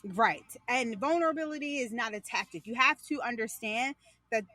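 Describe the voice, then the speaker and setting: A young woman in casual conversation as a podcast co-host, telling animated stories and acting out her child's lines. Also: fairly high pitch, normal speed.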